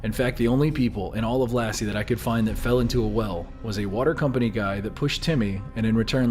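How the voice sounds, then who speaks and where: A man in his thirties narrates a video in an earnest, scripted manner, directly asking viewers questions. His voice is mid-range with a darkish tone.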